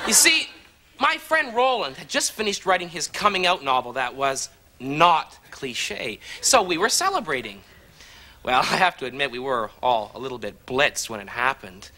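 A man telling a comic story in a wry, deadpan monologue that breaks into high exaggerated squeals. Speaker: comedic monologue narrator.

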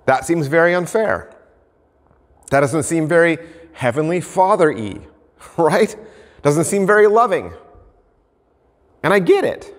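A man's voice: fairly high pitch, animated, measured pace, long pauses, long reverb tail. A male pastor giving a conversational sermon and explaining his points through everyday stories.

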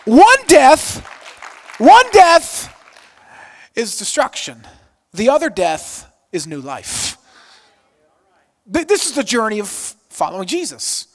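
A man preaching a sermon with energy, swinging between loud exclamations and soft, quiet passages. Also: high voice, big pitch swings, a little slow, long pauses, long reverb tail. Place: church auditorium.

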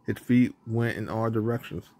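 A man reading a children's storybook aloud in a plain, even narrating manner, with the odd stumble. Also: lowish voice, normal speed, slight background noise.

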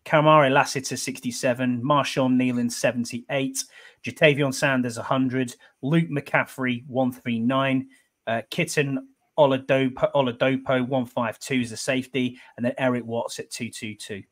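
A man's voice: medium pitch, fairly even intonation, moderate pace. A man, hosting a casual sports podcast, easygoing and calling everyone "mate" while reading out lists. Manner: easygoing, says "mate" a lot, reads lists steadily. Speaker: podcast host. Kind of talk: casual chat.

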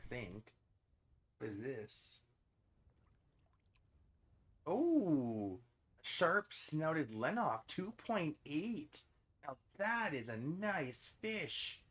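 A man's voice: on the high side, fairly bright tone. A man with a Canadian accent giving casual, chatty commentary over a fishing video game, breaking into frequent surprised exclamations. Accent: Canadian English. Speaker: gaming channel host.

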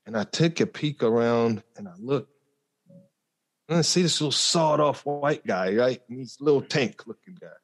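A man with a voice of middling pitch tells a story from his life in an earnest, reflective manner. He often pauses on fillers and restarts as he works through his thoughts in a relaxed conversation. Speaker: podcast guest.

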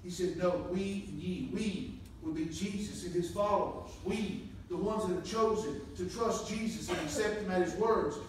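A man preaching a sermon, moving from quiet scripture reading to loud, emphatic points. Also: high-pitched, normal speed, few pauses, slight background noise. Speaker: pastor. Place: church sanctuary. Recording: echoey room from far off.

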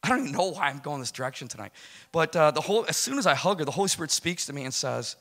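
Man in his forties, testimony speaker, bright and slightly high, rambling self-deprecating storyteller. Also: very animated, racing. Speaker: guest speaker giving testimony. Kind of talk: personal testimony to a congregation.

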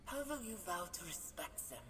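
A woman's voice: fairly low pitch, big pitch swings, moderate pace, fairly bright tone. An actress voicing the ghostly echo of a wistful woman mage in a video game, speaking solemnly and reflectively with a faintly German-like accent. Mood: gentle. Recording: echoey, noisy game audio.

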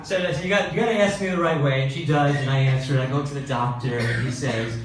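Deadpan stand-up comic in an echoey club. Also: male voice, mid-range voice, fast, crowd noise. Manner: deadpan observational delivery with exasperated asides. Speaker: stand-up comedian. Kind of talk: open-mic stand-up comedy. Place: comedy club stage. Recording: echoey club recording from a distance. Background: audience laughter.

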